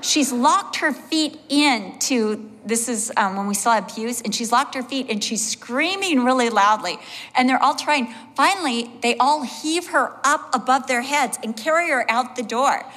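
A woman pastor preaching a sermon, telling animated personal stories and acting out the voices of the people in them. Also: a little high, normal speed. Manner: animated storyteller, acts out voices, laughs along. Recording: long hall reverb.

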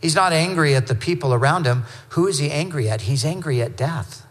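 A man's voice: a little high, lively intonation. Man preaching in a reverberant hall. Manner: conversational, with quick asides and self-correction. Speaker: pastor. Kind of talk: sermon teaching through scripture.

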